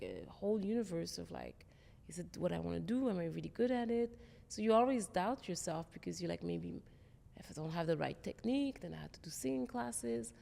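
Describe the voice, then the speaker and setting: A woman's voice: lowish voice, vocal fry, mellow, long reverb tail. A woman being interviewed about her career, talking in an earnest, reflective way. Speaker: guest, tech executive. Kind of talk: interview conversation.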